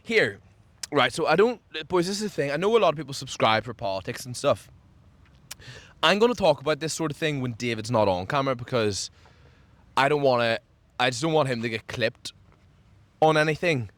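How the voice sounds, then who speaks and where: A man co-hosting a casual chat outdoors, ranting jokily with sudden jumps in pitch. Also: a little fast, pauses often, dry recording. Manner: animated, jokey rant with sudden pitch jumps. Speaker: podcast co-host. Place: outdoors, people walking past.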